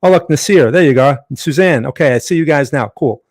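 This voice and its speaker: A man's voice: on the high side, fairly quick, darkish tone. A man hosting a trading livestream, talking casually through market events with joking asides and frequent "right?" checks.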